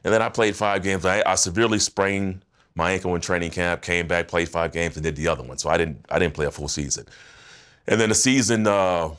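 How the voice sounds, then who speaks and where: A man in his fifties, a former football player, telling stories as a guest on a podcast in an animated, laughing, slangy way. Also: deep voice, fairly quick, smooth. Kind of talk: casual podcast storytelling.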